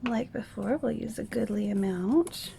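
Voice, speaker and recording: Hushed, gravelly-voiced woman in a noisy recording. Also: fairly high pitch, moderate pace. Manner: hushed, half-whispered while others sleep; chatty and easygoing, with little asides. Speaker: craft tutorial host. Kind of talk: chatty step-by-step tutorial. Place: home at night. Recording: noisy home recording with clicks.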